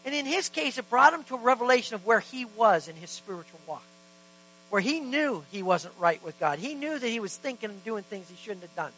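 A man preaching a sermon in a church, impassioned, swinging between loud emphatic lines and hushed quiet ones, acting out quoted dialogue in conversational asides. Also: extremely high pitch, big pitch swings, fairly quick, rough recording. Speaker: pastor.

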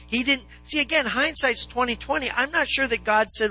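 A man preaching a sermon to his congregation, animated and swinging into loud, dramatized questions. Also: very high voice, fairly quick, slightly rough, faint music behind, poor audio. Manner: animated, rising to near-shouts in dramatized questions. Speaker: pastor. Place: church sanctuary with congregation.

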